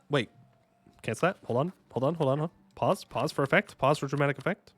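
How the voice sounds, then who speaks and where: A man streaming a strategy game, commenting casually and excitably, talking to himself and his chat with jokey asides. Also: fairly high pitch, fast talker, husky. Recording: faint music behind the voice.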